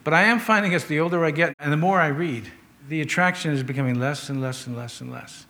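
Earnest preacher, a man with a slightly higher voice. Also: fast talker, pushed and bright. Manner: conversational, earnest, storytelling with rhetorical questions. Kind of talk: sermon.

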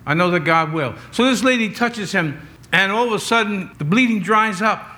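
A male pastor with a high-sitting, bright and forceful voice gives a conversational sermon at a moderate pace, retelling scripture and tossing humorous asides to the congregation.

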